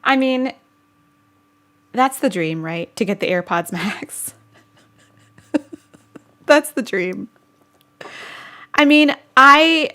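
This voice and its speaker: A woman's voice: mid-range voice, sharp tone. A woman vlogger hosting a casual live-stream chat, chatty and giggly as she answers viewer comments.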